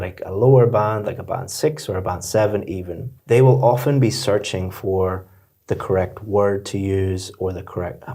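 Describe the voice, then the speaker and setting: Mellow-voiced man giving exam feedback. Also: on the low side. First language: English. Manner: patient, encouraging, explains step by step. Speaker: IELTS speaking teacher. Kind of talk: one-on-one spoken exam feedback.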